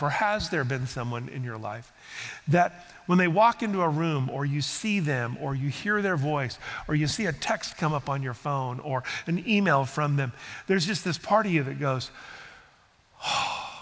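In a church sanctuary with a big-room sound, an older pastor preaches a sermon conversationally and earnestly, sometimes acting out what people say. His voice is fairly high in pitch and fairly bright in tone.

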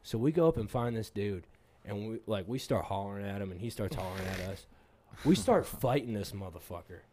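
A man's voice: lowish voice, animated, fairly quick, a little mellow, a little hiss or hum. A man spins a rowdy bar story in loose casual talk, swearing freely and breaking into laughter. He acts out every line of dialogue as he goes. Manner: rambling, profane, laughs often, acts out quotes. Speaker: pipeliner telling stories.

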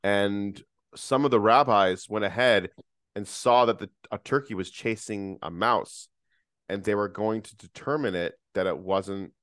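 Low-voiced Baltimore man, halting and jokey. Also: fairly bright tone, dry recording, clean studio sound. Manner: halting, searches for words, jokey asides. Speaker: podcast co-host, son. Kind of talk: casual family chat.

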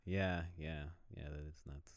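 A man's voice: very deep voice, steady tone, a little slow, dry recording, studio quality. A man co-hosting a podcast in loose casual chat, swearing freely and acting out quotes. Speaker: podcast co-host.

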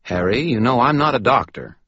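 A man's voice: mid-range voice, lively intonation, brisk, fairly bright tone, breathy edge, no room sound, dull audio, pitched above the performer's own voice. A man voicing a jittery, fussy little male medical examiner who sputters in exasperation, in an audiobook. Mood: alarmed. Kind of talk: audiobook character voice.

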